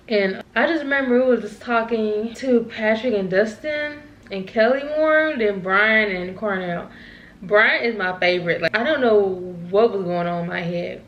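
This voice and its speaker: A woman's voice: medium pitch, muffled recording. A young woman vlogger telling a casual storytime, rambling and repeating herself, laughing at herself now and then.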